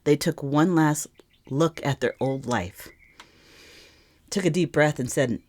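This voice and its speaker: Woman, low voice, tarot reader, casual rambling delivery, emotional. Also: takes it slowly. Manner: warm, rambling, emotional, self-correcting. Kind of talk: casual tarot reading to camera.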